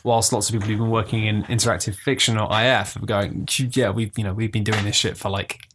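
A man co-hosting a gaming podcast in animated casual chat, full of fillers and quick put-on voices. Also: fairly low pitch, a little hiss or hum. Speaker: podcast co-host. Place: indoors, seated close to co-host.

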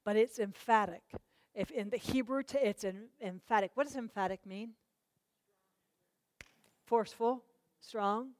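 A woman's voice: on the high side, measured pace, long pauses, no room sound. A woman leading a Bible study class, questioning her students and urging them to answer.

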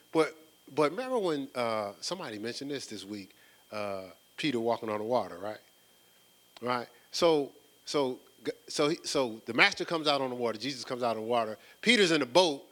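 Male preacher, bright forceful tone, casual slangy Bible teacher who gets fired up. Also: medium pitch. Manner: animated, repeats words, builds in excitement; casual, slangy street-style phrasing. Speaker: preacher leading a Bible study. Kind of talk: conversational sermon.

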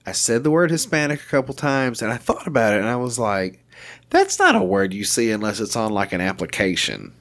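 A man hosting a casual podcast chat, easygoing and quick to laugh. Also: mid-range voice, sing-song, a bit bright. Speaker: podcast host.

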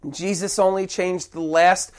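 A preacher giving a sermon, emphatic, slowing down to stress key phrases. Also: medium pitch, fairly even intonation. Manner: emphatic, shifting pace with slow stressed phrases.

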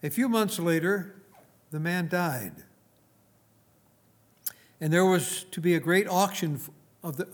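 Man, preacher, sermon storyteller: slow and deliberate, lightly high-pitched. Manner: tells an illustration story, then drives the point home.

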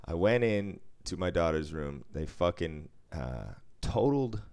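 A man's voice: low-pitched, very animated, a little slow, a little mellow, smooth. A man, a radio co-host, telling loose stories with swearing and laughs. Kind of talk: casual chat.

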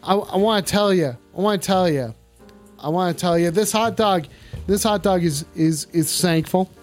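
A man's voice: high-pitched, moderate pace, darkish tone, faint music behind. A man doing a crude, taunting improvised comedy bit on a stream, rambling and brash. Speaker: streamer playing a talking hot dog.

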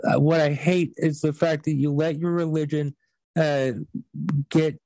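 A man's voice: on the high side, flat delivery, measured pace, dark tone, no echo, low-quality recording. A man hosting a podcast, telling stories in casual chat with blunt, profane language. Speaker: podcast host.

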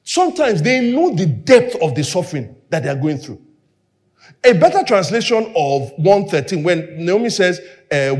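A man's voice: high voice, normal speed. A young man preaching a sermon, acting out quoted dialogue and dropping to near whispers for emphasis. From Nigeria. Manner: animated, acts out quoted dialogue. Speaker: pastor.

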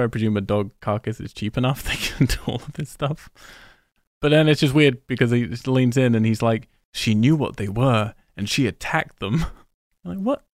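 A man with a rough, gravelly voice chats through a movie recap, sarcastic and quick to laugh at the silly parts. He sounds close and dry, recorded with no room echo. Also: medium pitch. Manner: sarcastic, laughs mid-sentence. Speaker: podcast co-host. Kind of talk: casual movie-riffing chat.

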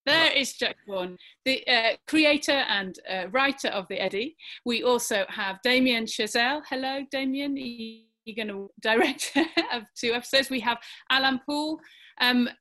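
A woman's voice: a little high, unhurried, bright, forceful tone. A woman hosting a panel interview, chatty with many ums and uhs. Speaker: host.

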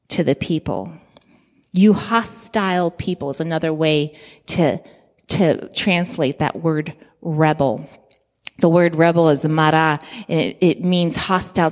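A woman teaches a Bible passage in a measured, explanatory way, posing questions and then answering them herself. Her voice sits a little low, and she speaks slowly and deliberately. A long reverb trails behind her words. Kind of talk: recorded Bible lesson.

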